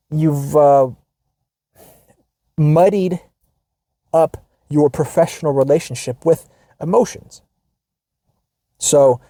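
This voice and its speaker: A man's voice: fairly high pitch, dark tone, no echo, studio quality. A man hosting a podcast in a casual monologue, wry and profane, with frequent restarts and quote-unquote asides, speaking with an American accent. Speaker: podcast host. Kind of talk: casual monologue reading a forum post.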